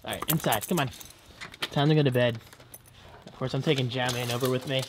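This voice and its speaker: A young man talking casually to his camera while he walks around at night, chatting to viewers and calling his dogs in a high, sing-song voice. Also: fairly even intonation, brisk, long pauses, noisy background. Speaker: vlogger and streamer. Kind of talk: casual vlog talk to camera. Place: outdoors at night in a yard, then indoors at home.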